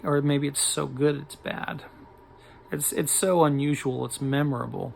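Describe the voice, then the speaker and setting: A man's voice: medium pitch, little pitch movement, moderate pace, creaky, a little hiss or hum. A man talking casually through a record haul, hesitant and full of ums and uhs, keen on odd finds. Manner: enthusiastic about odd records. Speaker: record collector showing a haul.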